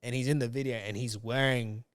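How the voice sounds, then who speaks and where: A man hosts a casual podcast chat, rambling loosely and often circling back to restart sentences. His smooth, clean voice sits at an ordinary middle pitch, with a steady tone and a fairly quick pace.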